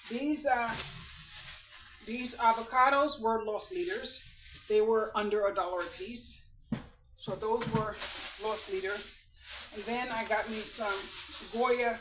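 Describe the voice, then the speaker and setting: A woman's voice: fairly high pitch, slow pace, pauses often. A woman with an exuberant, folksy chat in an echoey kitchen. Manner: exuberant, hums and laughs, folksy Southern-style talk. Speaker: vlogger. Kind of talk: casual grocery haul vlog. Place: home kitchen. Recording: roomy, distant, dull lo-fi with noise.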